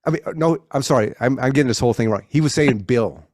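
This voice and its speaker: Lively middle-aged male storyteller, dry sound. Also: mid-range voice, quick pace, no room sound. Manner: animated anecdote teller who acts out quoted voices; frequent restarts and self-corrections. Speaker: interview guest, keyboardist. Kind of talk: casual conversational storytelling.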